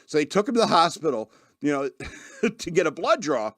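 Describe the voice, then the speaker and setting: Male podcast host, casual and rambling, quick to laugh, slightly raised pitch, dry booth sound. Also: very animated, fairly bright tone, no room sound. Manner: rambling, laughs often, acts out quoted voices. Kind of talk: casual monologue.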